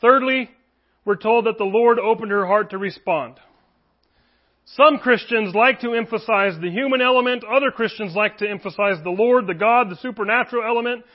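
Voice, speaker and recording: High-voiced man preaching a sermon. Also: moderate pace, dull audio. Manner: earnest, emphatic preaching with rising exclamations.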